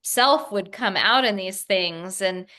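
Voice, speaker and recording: A woman's voice: medium pitch, slow pace, bright, forceful tone. A woman from the American Southwest interviewing a publisher in a casual chat, acting out quotes and laughing often.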